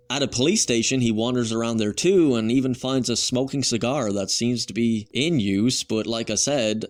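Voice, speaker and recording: A man reviewing an old television episode in a chatty, musing way, full of conversational asides. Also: on the low side. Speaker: video reviewer. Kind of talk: casual spoken review.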